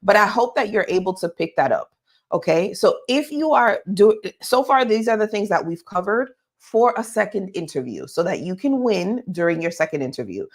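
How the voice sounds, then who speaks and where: A woman's voice: mid-range voice, very animated, normal speed. A woman giving live career advice, emphatic and talking straight to her listeners, often checking in with "okay?". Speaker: career coach.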